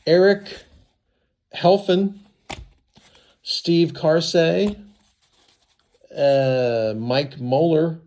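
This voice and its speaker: A man with congested sinuses, unboxing baseball cards in casual commentary, reading names slowly with chatty asides. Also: on the high side, steady tone, a little mellow.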